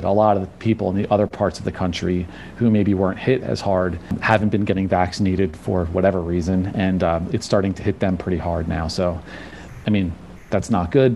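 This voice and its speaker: Gravelly low-voiced man, candid podcast guest. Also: warm tone, a little hiss or hum. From New Jersey, USA. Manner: friendly, repeats words when starting sentences. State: slightly out of breath. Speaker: guest, personal trainer and nutrition specialist. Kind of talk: casual interview chat.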